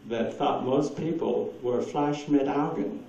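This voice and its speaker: A man rambles through anecdotes with a mellow, dark tone, chuckling often. His voice comes from a distance in a roomy, echoing hall. The recording is dull, with faint noise underneath. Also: medium pitch, slow pace, creaky. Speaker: speaker at a presentation. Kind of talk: anecdotal talk taking audience questions.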